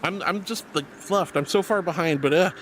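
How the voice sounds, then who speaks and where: A man's voice: sits high, normal speed, fairly bright tone, slight background noise. A man streaming live, chatting casually and reading out chat messages, gushing and affectionate toward viewers. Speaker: VTuber streamer. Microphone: computer mic for a VR stream.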